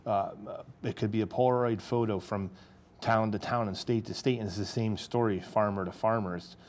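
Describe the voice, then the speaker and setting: A man, a farmer speaking as a guest on a local talk show, earnest and halting, often restarting his sentences. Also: on the low side, fairly even intonation. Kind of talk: casual interview talk.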